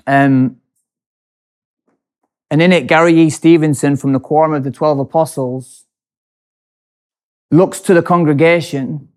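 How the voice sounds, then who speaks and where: A man hosting a casual chat, telling a personal story in an animated way, laughing often and speeding up in bursts. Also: fairly high pitch, unhurried, pauses often.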